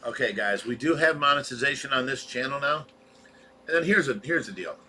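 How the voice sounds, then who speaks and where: A man's voice: medium pitch, lively intonation, a little fast, sharp tone, slight background noise. A man co-hosting a casual livestream chat, reading viewer comments and talking in long run-on explanations. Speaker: co-host of a fish rescue livestream.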